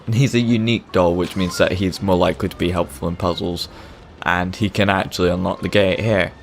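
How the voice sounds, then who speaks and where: A man's voice: deep voice, steady tone, brisk, gravelly, slight background noise. A man giving casual, joking, rambling commentary while playing a video game. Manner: joking, rambling, self-deprecating. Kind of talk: casual let's-play commentary.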